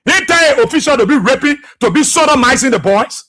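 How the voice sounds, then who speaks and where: High-voiced husky Liberian radio host, bright and fiery, preacher-like repeats. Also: male voice, lively intonation, fast. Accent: Liberian English. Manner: fiery, repetitive, preacher-like delivery. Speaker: radio talk show host. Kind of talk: impassioned political commentary.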